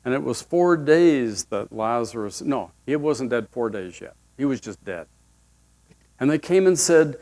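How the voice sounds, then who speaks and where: A man's voice: mid-range voice, lively intonation, measured pace, darkish tone. A male pastor giving a sermon with folksy, humorous storytelling.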